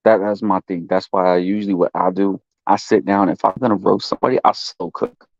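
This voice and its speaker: A man's voice: deep voice, brisk, dry recording, muffled recording. A man ranting casually to his live chat, swearing constantly and restarting his sentences as he goes. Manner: profane, rambling, animated rant with frequent restarts. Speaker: streamer.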